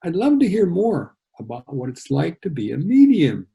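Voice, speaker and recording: A man's voice: fairly high pitch, huge pitch swings, normal speed, vocal fry, mellow, heavily acted. A man reading aloud and voicing an eager nineteen-year-old daughter in a storybook reading over a video call. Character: young adult woman, nineteen, eager daughter.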